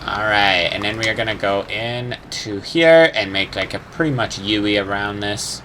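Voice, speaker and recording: A man's voice: on the low side, normal speed, sharp tone, slight background noise. Rambling young man narrating gameplay. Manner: rambling, unsure, swears casually, hums sound effects. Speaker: gamer. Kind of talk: casual gameplay commentary.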